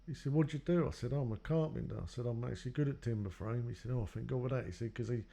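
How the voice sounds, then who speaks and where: A man's voice: mid-range voice, rapid-fire, creaky, warm tone. A man telling his own life story in a loose, rambling way, acting out what others said to him. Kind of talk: personal storytelling.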